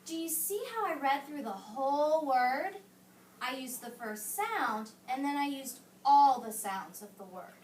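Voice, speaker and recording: A woman teacher reading a picture book aloud to young children and patiently coaching them, hushing them when they call out. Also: sits high, animated, unhurried. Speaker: elementary school teacher. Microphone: camera some distance away. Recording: roomy classroom sound, distant mic.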